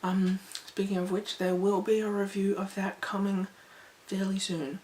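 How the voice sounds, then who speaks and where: A woman's voice: medium pitch, normal speed. Chatty young woman in an echoey room. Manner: chatty, rambling, animated. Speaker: vlogger. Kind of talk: casual talk to camera. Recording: echoey room, faint background noise.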